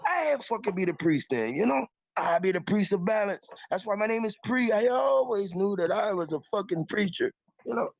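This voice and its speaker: A man with an island-sounding accent, calling in to a casual chat, rambling and swearing, swinging his pitch high and low in a sing-song way. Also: lively intonation, normal speed, gravelly, no room sound, low-quality recording. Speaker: caller.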